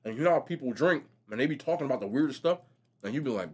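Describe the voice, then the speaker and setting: Husky-voiced animated young man. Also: mid-range voice, very fast. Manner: animated, slangy storytelling, says bro a lot. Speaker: mukbang vlogger. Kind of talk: casual chat while eating.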